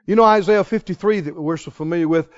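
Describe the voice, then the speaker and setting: A man preaching a passionate sermon, pressing his listeners with rhetorical questions and swinging from hushed tones to loud ones. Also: high voice, quick pace. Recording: reverberant hall, muffled sound.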